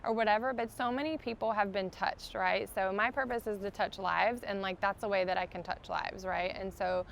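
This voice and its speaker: A woman's voice: medium pitch, steady tone, normal speed, creaky, hardly any pauses, slight background noise. A young woman, a podcast guest in the middle of chemotherapy, telling her story in an earnest, heartfelt way, full of "um" and "like". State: undergoing chemotherapy. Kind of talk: casual interview storytelling.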